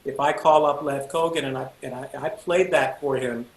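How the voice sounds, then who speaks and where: A man giving a masterclass to music students, telling his story in a lively, chatty way and acting out the people in it with sudden high-pitched outbursts. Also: moderate pace, roomy sound, low-quality recording.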